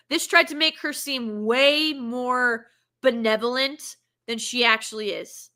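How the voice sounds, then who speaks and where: A woman's voice: a little high, unhurried, bright, forceful tone. A woman giving a casual film reaction review, sarcastic and exasperated as she rants.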